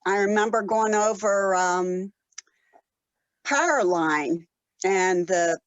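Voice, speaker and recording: A woman in her seventies from Colorado, telling stories in a casual interview with many pauses and fillers. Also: mid-range voice, dry recording, dull audio. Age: 70s. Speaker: guest, ultrarunner.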